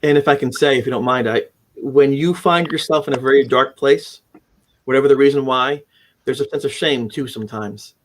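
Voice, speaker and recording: A forties-aged man with a medium-pitched voice speaks briskly, with slight background noise, as the guest on a casual live-stream interview. Author of a haunting memoir, he tells his story in an earnest, rambling way with many restarts. He's on a video call from an indoor home room full of keepsakes.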